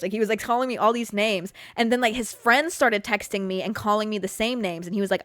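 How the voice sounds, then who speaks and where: A woman's voice: medium pitch, fast talker, hardly any pauses, fairly bright tone, no room sound. A young woman, hosting a solo podcast in a candid, rambling, casual way, full of "like" and the odd swear word. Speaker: podcast host.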